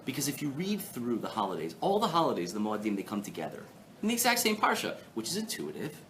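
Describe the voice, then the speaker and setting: A man giving a live Torah class, animated and playful, asking the audience rhetorical questions. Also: mid-range voice, fast, a little hiss or hum. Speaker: rabbi teaching a class. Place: synagogue hall before an audience.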